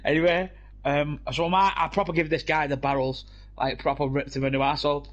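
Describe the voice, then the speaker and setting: A man's voice: fairly high pitch, flat delivery, brisk, fairly bright tone, dull audio. A young British man in casual banter while gaming, telling rambling stories full of swearing and laughs into a headset at home. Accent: British English. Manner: rambling, profane storytelling with frequent laughs. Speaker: gamer streaming with friends.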